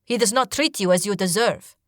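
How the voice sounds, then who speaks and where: A woman's voice: mid-range voice, fairly quick, no room sound, natural voice. A loyal male warrior speaks in stiff, formal sentences, stern and protective toward his queen, as a woman reads him out. The voice sits mid-range with a dry, close sound.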